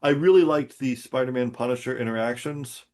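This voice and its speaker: A man's voice: medium pitch, a little fast, a little mellow. A man co-hosting a podcast, talking about a movie in a hesitant, agreeable way with many restarts. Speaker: podcast co-host. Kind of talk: casual movie chat.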